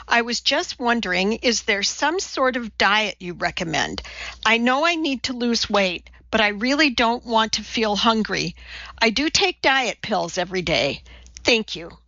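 A woman's voice: on the high side, expressive, measured pace, sharp tone, dry recording, dull audio, exaggerated voice. A woman reading the part of an eager, nervous female fan asking a question from the audience. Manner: gushing, nervous.

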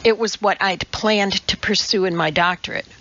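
A woman's voice: medium pitch, steady tone, normal speed, a bit bright, dull audio, lightly acted. A woman reading an audiobook, voicing a composed, matter-of-fact female chemist. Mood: cool. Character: calm, precise female chemist.

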